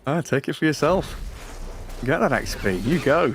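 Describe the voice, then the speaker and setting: A man doing fast, lively play-by-play commentary on an esports match. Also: fairly high pitch, a little hiss or hum. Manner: quick, lively play-by-play calls. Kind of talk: live game commentary.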